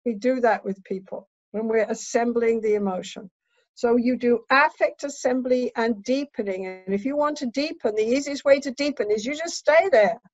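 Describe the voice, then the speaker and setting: A woman's voice: on the high side, normal speed, no room sound. Muffled, emphatic woman therapist teaching. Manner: instructive, emphatic, checks in with "right?". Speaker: therapist and trainer. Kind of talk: teaching lecture.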